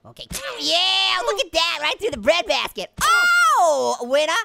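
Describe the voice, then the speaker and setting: A squeaky, giggly cartoon orange. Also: big pitch swings, unhurried, vocal fry, pushed and bright, a little hiss or hum, full character voice. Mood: playful. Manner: giggly, punning, chattering nonstop. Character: hyper male talking orange fruit, pun-loving and cheeky. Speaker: game player. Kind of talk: cartoon character let's-play commentary.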